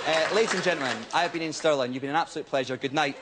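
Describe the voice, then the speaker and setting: A young man doing stand-up comedy on a TV studio stage, telling stories with a lively, checking-in "right?" delivery. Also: fairly high pitch, racing. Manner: animated storytelling, keeps asking "right?". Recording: loud audience laughter and noise.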